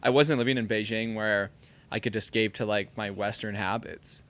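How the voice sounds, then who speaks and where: In a podcast studio, a former professional soccer player chats casually and tells stories with lots of animation, filling his speech with "like." His voice is lowish and his pace moderate.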